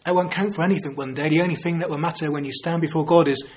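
Male preacher, 50s, earnest sermon delivery with rhetorical questions, slightly higher voice. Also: fairly even intonation, very fast. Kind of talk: evangelistic sermon.

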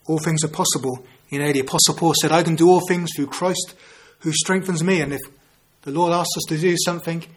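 Male preacher, 50s, earnest sermon delivery with rhetorical questions, slightly higher voice. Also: fairly even intonation, brisk, hardly any pauses. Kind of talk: evangelistic sermon.

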